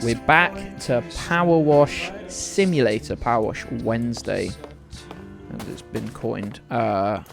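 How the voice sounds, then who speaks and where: A man's voice: mid-range voice, slow, vocal fry, over music. A man in his twenties chatting casually on a live game stream, rambling, swearing now and then and greeting viewers by name. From United Kingdom. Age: 20s.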